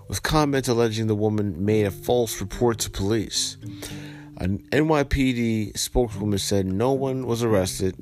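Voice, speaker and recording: A man with a low voice hosts a podcast. He reads the news plainly and then speaks his mind in blunt, profane terms. Faint music plays underneath. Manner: blunt and profane, heated when ranting. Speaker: podcast host. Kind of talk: reading a news story aloud, then ranting commentary.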